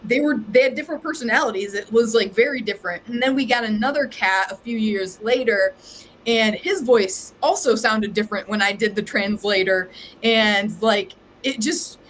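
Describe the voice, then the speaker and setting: A woman's voice: on the high side, fairly bright tone, a little hiss or hum, poor audio. Chatty woman telling her story. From Ohio, USA. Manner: chatty, rambling, heavy use of "like". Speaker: podcast guest, psychic medium. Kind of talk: casual storytelling chat.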